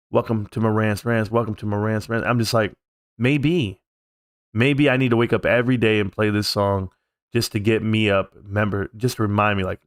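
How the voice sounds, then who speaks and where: A man's voice: lowish voice, no echo, clean studio sound. A man hosting a casual live stream from home, talking in a rambling, heartfelt, reflective way. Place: at home, alone.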